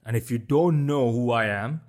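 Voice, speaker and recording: A man with a deep voice hosting a solo podcast, ranting bluntly and swearing heavily for emphasis. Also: normal speed, a little mellow. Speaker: podcast host. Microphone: podcast mic.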